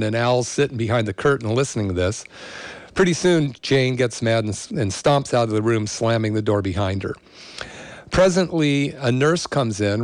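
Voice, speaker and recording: A man's voice: medium pitch, dry recording. A middle-aged man hosting a health show, telling a story in a rambling, casual way with many fillers.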